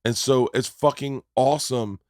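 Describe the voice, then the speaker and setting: A man in his forties hosting a podcast, chatting casually and loudly, swearing and laughing often. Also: medium pitch, fairly even intonation, normal speed, no echo, studio quality. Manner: loud, profane, laughs often. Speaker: podcast host. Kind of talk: casual chat. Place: podcast studio.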